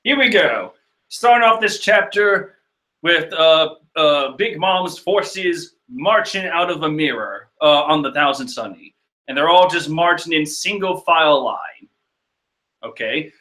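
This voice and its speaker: A man giving casual, animated commentary on a manga chapter, exclaiming and joking in disbelief. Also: fairly high pitch, unhurried. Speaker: manga reader and reviewer.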